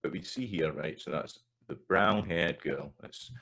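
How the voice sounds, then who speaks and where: A Scottish man with a very deep, low voice gives a lesson over slides. He teaches in an explanatory way and stops often to say example words and sound out rhythms. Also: a little slow, fairly bright tone, low-quality recording. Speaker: language teacher.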